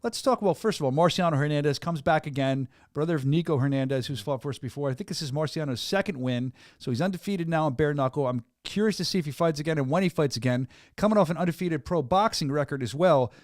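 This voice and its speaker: Guy hosting a fight podcast in the studio, talks fast, dry close sound. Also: on the high side, dry recording. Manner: energetic, rambling with restarts. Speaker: podcast host. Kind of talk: casual chat. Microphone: studio mic.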